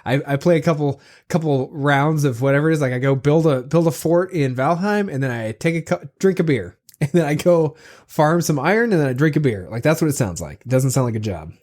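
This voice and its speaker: A man's voice: a little high, animated, fairly quick, a little mellow. A man co-hosting a casual podcast who rambles playfully and laughs often. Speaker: podcast co-host.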